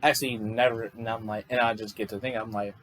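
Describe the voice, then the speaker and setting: A man's voice: lowish voice, flat delivery, quick pace, fairly bright tone, slight background noise, rough recording. A man casually improvising a story, rambling loosely with lots of fillers and restarts. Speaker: fan storyteller.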